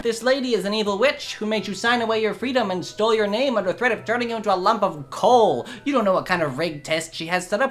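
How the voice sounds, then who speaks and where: A woman's voice: mid-range voice, quick pace, few pauses, soft background music. A woman giving a comedic, sarcastic film critique as a commentator, often sounding exasperated. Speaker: YouTube commentator.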